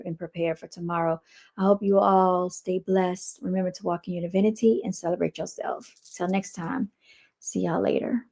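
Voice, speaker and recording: Blunt, animated woman livestream host. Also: medium pitch. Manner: blunt, animated, addresses viewers as y'all. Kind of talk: casual livestream commentary.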